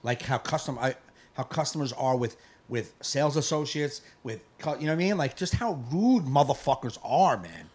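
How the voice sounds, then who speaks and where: A man co-hosting a live podcast, ranting in casual chat, profane and fired up, with bursts of yelling. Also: medium pitch, very animated, normal speed, slightly rough. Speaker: podcast co-host.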